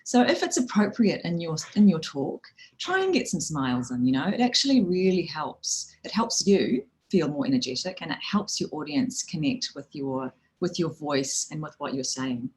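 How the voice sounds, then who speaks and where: A woman's voice: low-pitched, big pitch swings, normal speed, few pauses, darkish tone, low-quality recording. A woman with a New Zealand accent giving practical, friendly advice on public speaking, often restarting phrases and adding "you know". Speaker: speaking coach. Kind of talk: instructional talk on public speaking.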